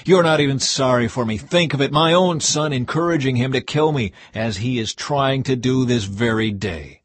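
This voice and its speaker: A furious, suspicious king, as a male reader puts him on, firing off accusing questions at his officers. The voice is husky and recorded dry and close, with the rises of someone shouting at his men. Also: mid-range voice, moderate pace, no echo, voice pushed up, natural voice.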